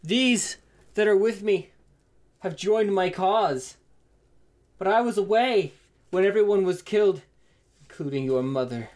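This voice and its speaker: A man voicing a grieving orc chieftain father who pleads loudly and earnestly. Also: sits high, measured pace, long pauses. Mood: pleading.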